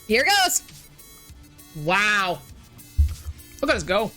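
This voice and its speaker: A woman's voice: medium pitch, animated, moderate pace, fairly bright tone, soft background music. An English woman streaming a game, bubbly and jokey, exclaiming often as she plays. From England. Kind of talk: casual gaming stream commentary.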